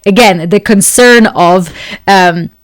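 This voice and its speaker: A woman's voice: mid-range voice, slow, dry recording. A woman astrologer giving a weekly forecast in a casual, chatty monologue, often searching for words with fillers and light laughs. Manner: speaks several languages.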